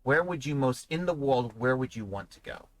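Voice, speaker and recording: A man's voice: medium pitch, animated, moderate pace, a bit bright, rough recording. A man hosting a casual livestream podcast, talking in a rambling, chatty way. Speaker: podcast host.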